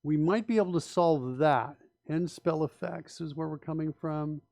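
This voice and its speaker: A man's voice: a little high, normal speed, vocal fry, darkish tone, no echo, studio quality. A man hosting a live coding stream, thinking aloud in an emphatic, opinionated way with frequent restarts and rhetorical questions. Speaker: host and software developer.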